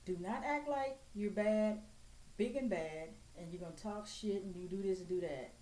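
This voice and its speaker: Speaking at a moderate pace in a mellow, medium-pitched voice, a straight-talking woman delivers a profane, blunt rant to camera. Her echoey room carries a faint background hum.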